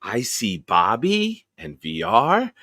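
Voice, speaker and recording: A man's voice: mid-range voice, wildly swooping pitch, slow pace, vocal fry, pushed and bright, slightly rough, dry recording, studio quality. A man hosting a casual live stream show, greeting viewers one by one with jokes and upbeat energy. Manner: jokey, upbeat roll call of viewers. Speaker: show host.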